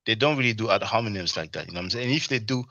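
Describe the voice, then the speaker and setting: A man's voice: fairly low pitch, animated, very fast, bright, forceful tone, no room sound. A man with a French accent hosting a casual livestream discussion, rambling and constantly tagging "you know what I'm saying". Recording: dry, slightly dull stream audio.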